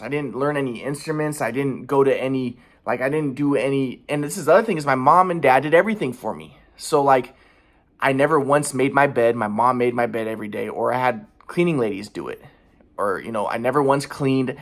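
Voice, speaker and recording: A man in his thirties pours out a rambling, aggrieved monologue from his apartment. His voice sits a little high, and he talks rapidly, circling back over the same points again and again. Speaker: vlogger. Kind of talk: monologue to camera. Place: apartment by an alleyway.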